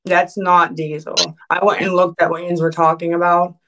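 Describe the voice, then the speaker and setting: A woman with a fairly low voice runs an online voice chat and takes callers one at a time. She talks casually, turns defensive when challenged and swears heavily when she gets angry. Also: flat delivery, normal speed, noisy background. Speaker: stream host taking callers.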